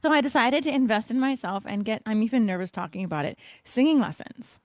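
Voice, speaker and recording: A middle-aged woman co-hosting a podcast, telling stories in a lively way and laughing often. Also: a little high, fast, no room sound, clean studio sound. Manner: animated storyteller, laughs often. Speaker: podcast co-host. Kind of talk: casual chat.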